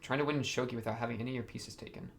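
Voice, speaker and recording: A man hosting an anime reaction video, talking back to the screen and swinging from quiet muttering to excited outbursts. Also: medium pitch, rapid-fire. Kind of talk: casual anime reaction commentary.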